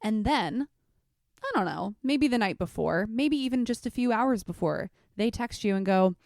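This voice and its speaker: A woman's voice: fairly high pitch, moderate pace, dry recording, studio quality. A young woman hosting a solo podcast, telling stories with passion and acting out quotes in mock voices. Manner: animated, passionate storytelling. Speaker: podcast host. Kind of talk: casual solo podcast monologue.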